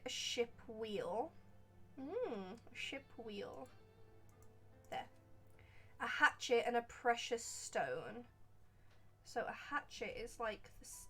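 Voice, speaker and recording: A woman's voice: a little high, fairly bright tone. A woman from England with an English accent, chatting casually and rambling as she plays a game on stream, laughing at herself. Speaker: gaming streamer. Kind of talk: casual let's-play commentary.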